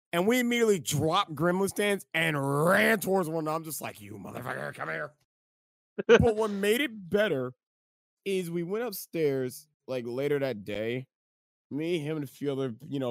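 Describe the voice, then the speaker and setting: A man's voice: fairly high pitch, no echo, studio quality. A man co-hosting a casual podcast, telling a story with lots of laughter and acted-out quotes. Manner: animated, laughing, acts out quoted lines. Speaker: podcast co-host.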